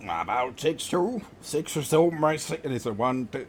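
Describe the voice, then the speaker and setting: A man's voice: mid-range voice, lively intonation, unhurried, slight background noise, close to an everyday voice. A man putting on a rambling West Country gardener. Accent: West Country English, put on. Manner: rambling, folksy dialect. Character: old rustic male gardener, folksy and rambling.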